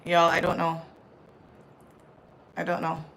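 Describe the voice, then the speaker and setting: Low-voiced woman host talking to viewers into her phone on a casual live stream, flustered and chatty. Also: monotone, slow, gravelly, fairly bright tone, poor audio. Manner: chatty, flustered, often addresses viewers as y'all. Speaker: livestream host. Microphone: phone camera.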